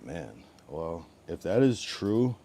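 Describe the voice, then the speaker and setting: A young man livestreaming, chatting to viewers in a rambling, profane way, swinging from mutters to loud taunts. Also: sits low, big pitch swings, slow pace, vocal fry. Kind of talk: casual live-stream chat reacting to viewers.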